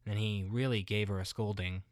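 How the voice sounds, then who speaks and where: A man playing a muddled everyday guy who rambles haltingly, full of restarts and filler words. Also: fairly low pitch, steady tone, dry recording, clean studio sound, natural voice.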